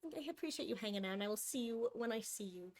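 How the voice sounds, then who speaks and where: A woman's voice: fairly high pitch, animated, quick pace, darkish tone. A woman streaming live, chatting casually and cooing over her cat between game talk.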